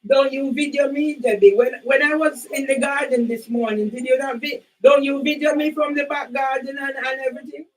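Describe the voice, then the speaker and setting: A woman with a very high voice argues with a neighbour on her doorstep. She keeps asking questions and says the same words over and over. Her voice sounds distant, as if she is standing back from the recorder. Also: fairly even intonation, a little fast, few pauses. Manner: questioning, repeats herself, asks for things to be repeated. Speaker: channel owner.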